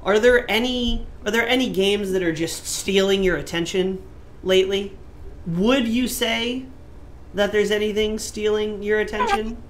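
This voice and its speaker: This gaming podcast co-host teases playfully in casual chat, stretching words for emphasis. He speaks a little slowly in a high-sitting voice, with slight background noise in the recording.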